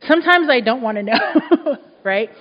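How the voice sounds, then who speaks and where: A woman pastor preaching a sermon, emphatic and repeating key phrases, her voice rising loud and dropping soft. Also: high voice, lively intonation, moderate pace. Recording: echoey hall, dull muffled sound.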